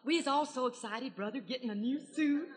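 A woman performs a 1940s radio comedy monologue as a gossipy small-town country gal, her high voice brisk and close to her everyday one despite a cold. Her rural Southern accent and folksy, gushing, breathless storytelling echo through a reverberant hall broadcast.

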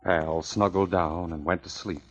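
A man narrating a 1950s radio adventure in a measured storytelling voice. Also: sits low, fairly even intonation, a little hiss or hum. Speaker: narrator and announcer. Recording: muffled old radio recording.

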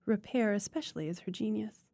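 A woman's voice: mid-range voice, expressive, brisk, vocal fry, warm tone, dry recording. A woman reading the lines of a formal, opinionated elderly mother who pronounces judgments. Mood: grand.

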